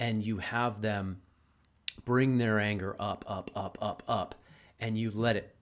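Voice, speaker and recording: A man hosting a podcast conversation, speaking reflectively and haltingly, often repeating words as he gathers his thoughts. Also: on the low side, fairly even intonation. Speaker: podcast host. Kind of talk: casual conversation.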